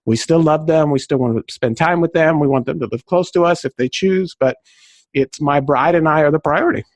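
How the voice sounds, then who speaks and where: A middle-aged man from southern California, a podcast guest telling stories in an exclamatory, high-energy way. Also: fairly quick, no room sound. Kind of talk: enthusiastic storytelling.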